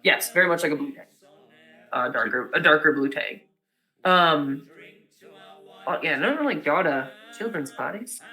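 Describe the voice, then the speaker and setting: Man, tabletop role-play player, playful, hesitant, fillers, bright tone. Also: fairly high pitch, lively intonation, moderate pace, long pauses.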